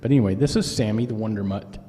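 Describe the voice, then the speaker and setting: A man's voice: lowish voice, fast talker, in a large hall, noisy background. A man hosting his own live stream from a room at home, rambling and joking at his own expense. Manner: rambling, self-mocking joker. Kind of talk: casual live-stream chat. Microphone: webcam or laptop.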